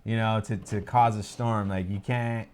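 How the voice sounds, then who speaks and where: A man with a fairly low voice co-hosting a casual reaction discussion. He talks easily and slips in dry, joking asides. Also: fairly even intonation, moderate pace, darkish tone, clean tone. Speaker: co-host of a reaction channel.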